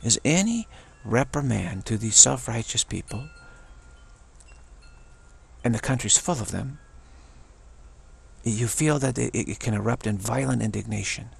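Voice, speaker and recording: A man of middle pitch talks through a spiritual monologue with a gravelly, creaky edge and a husky, slightly breathy tone. He speaks earnestly and circles back to the same phrases again and again. He often slips into short imagined exchanges as he talks. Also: lively intonation, unhurried, pauses often. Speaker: spiritual commentator.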